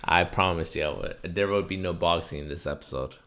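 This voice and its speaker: Deep-voiced Southern man, joking. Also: a little fast, fairly bright tone. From Alabama, US. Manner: laughing, swearing, loose and joking. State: has been drinking. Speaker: podcast host. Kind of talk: casual podcast banter.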